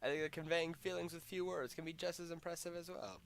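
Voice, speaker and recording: A man reading the lines of a shy, bookish teenage girl from a game, gently and hesitantly. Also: fairly high pitch, fairly even intonation, fast talker, creaky. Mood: earnest.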